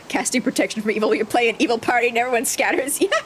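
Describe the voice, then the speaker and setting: A woman streaming herself playing a video game, commenting casually and excitedly, joking and swearing freely. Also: fairly high pitch, racing, a little hiss or hum.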